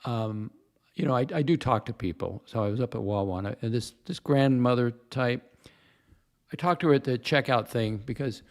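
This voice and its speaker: An older man hosting a livestream, telling rambling stories in casual chat and reading out viewer comments. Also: mid-range voice. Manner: chatty storyteller, repeats himself, reads chat comments. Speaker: livestream host.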